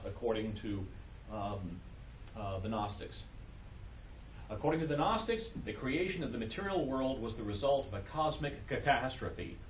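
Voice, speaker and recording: A man's voice: medium pitch, a little hiss or hum. A man giving a conversational Bible study lecture at a church, often checking in with his listeners and adding dry asides. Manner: loose, with frequent fillers and dry asides.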